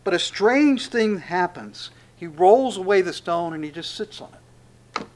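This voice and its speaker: Dramatic preacher man with sudden loud swells. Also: high-pitched, lively intonation, measured pace. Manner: dramatic swings between loud proclamation and hushed asides; acts out quoted speech. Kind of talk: sermon.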